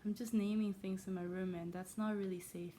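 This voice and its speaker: Mellow-voiced woman with a made-up blended accent. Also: medium pitch, steady tone, normal speed, a little hiss or hum. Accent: self-made blend of Irish, American and Chinese. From China. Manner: playful, scattered, self-mocking, trails off often. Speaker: vlogger. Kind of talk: casual rambling monologue. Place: her own room.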